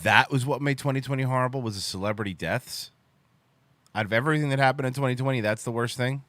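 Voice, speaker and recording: A man's voice: mid-range voice, fast talker, a bit bright, no echo. A man hosting a podcast in casual chat, sarcastic and given to profane ranting. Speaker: podcast host.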